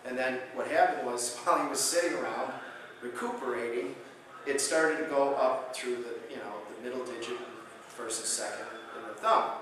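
Male speaker at a conference, animated story-led lecture, recorded from across a reverberant hall with faint room noise. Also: medium pitch, moderate pace. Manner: animated storyteller, acts out patient quotes loudly. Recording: echoey hall, distant mic.

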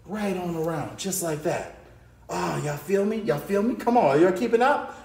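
A man's voice: sits high, normal speed, vocal fry, a little mellow. A man teaching kids to draw in a playful, hyped way, calling out to them and adding sound effects as he works. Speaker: art teacher. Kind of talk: energetic drawing lesson for kids. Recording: echoey room.

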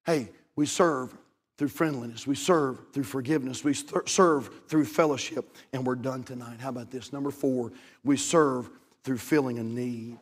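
A man preaching as a pastor, impassioned and repeating his phrases, rising to shouts at the high points. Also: normal speed. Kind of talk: sermon. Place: church sanctuary. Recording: long reverb of a church hall.

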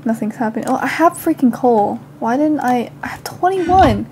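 An animated young woman with a high, warm voice comments casually on her gameplay at a moderate pace, with slight background noise. As a gaming channel host who's a bit sick, she coughs now and again, talks to herself, and lets loose panicked exclamations.

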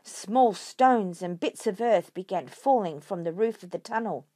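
A woman reading a children's storybook aloud, expressive and lively. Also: mid-range voice, a little slow, hardly any pauses, no echo, clean studio sound.

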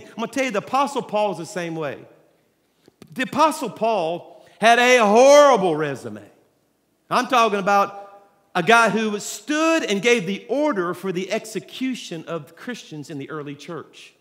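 A male pastor tells stories and jokes to his congregation as he preaches. His voice sits fairly high. The sound carries the long echo of a large church auditorium. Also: fairly bright tone. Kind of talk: sermon. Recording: reverberant church hall.

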